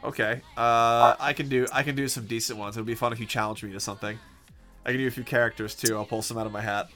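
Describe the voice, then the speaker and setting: A man's voice: medium pitch, steady tone, fast, sharp tone, faint music behind. A man chatting casually with friends, teasing them and swearing offhandedly. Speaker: chat participant. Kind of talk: casual chat.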